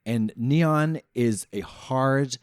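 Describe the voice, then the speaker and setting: A man's voice: mid-range voice, very slow, clean tone, no echo, clean studio sound. A man co-hosting a comedy podcast, talking in a campy, theatrical, mock-posh way. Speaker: podcast co-host.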